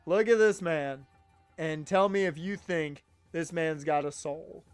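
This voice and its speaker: A man's voice: on the high side, a little slow, clean tone, no room sound, faint music behind. A man streaming a video game, making joking, sarcastic casual commentary. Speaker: let's play streamer.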